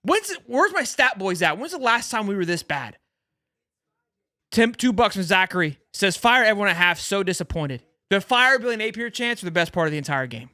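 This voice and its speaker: A man's voice: high-pitched, big pitch swings, fairly quick, pushed and bright, no echo, clean studio sound. A young man hosting a sports fan livestream, ranting angrily, swearing often and reading out donations. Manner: angry, ranting, swears a lot, reads out donations.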